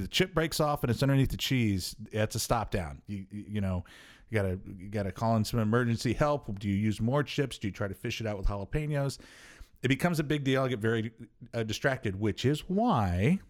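A man in his forties co-hosting a casual podcast chat, telling stories and acting out quoted lines with big leaps in his voice. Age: 40s. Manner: animated storyteller, acts out quotes with big pitch jumps. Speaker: podcast co-host.

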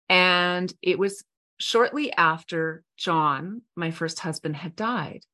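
A middle-aged woman hosting a podcast, telling a personal story in a heartfelt, earnest way with soft pauses. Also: fairly low pitch. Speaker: podcast host. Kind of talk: reflective storytelling monologue.

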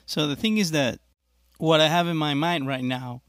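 A man's voice: a little high, moderate pace, fairly bright tone, dry recording. Male host, conversational interviewer, dry recording. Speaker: podcast host. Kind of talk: interview chat.

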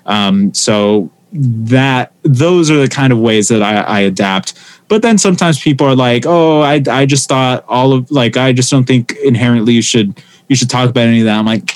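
A stand-up comedian chats casually in a mid-range voice at normal speed, telling animated stories. He acts out the voices of the people he quotes.

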